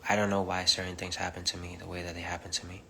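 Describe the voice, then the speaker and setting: A man giving an informal spiritual message on a live stream, speaking softly and haltingly with many pauses, mixing English and Spanish. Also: low voice, completely flat delivery, creaky, a little hiss or hum. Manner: soft-spoken, halting, many pauses and fillers; switches between English and Spanish. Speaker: preacher on a livestream. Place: home livestream. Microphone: phone or webcam.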